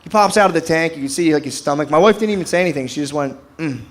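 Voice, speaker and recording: A man's voice: on the high side, rapid-fire. A middle-aged man doing stand-up comedy, telling a rambling story in a laid-back way and acting out what people said. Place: comedy stage before a live audience.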